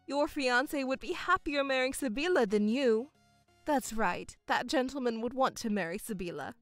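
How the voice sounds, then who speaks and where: A woman's voice: fairly high pitch, expressive, moderate pace, fairly bright tone, no room sound, faint music behind. A woman voicing a gloating, spiteful mother. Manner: mocking, condescending, gloating. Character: scheming middle-aged mother, doting, spiteful to elder daughter. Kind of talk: voiced story narration.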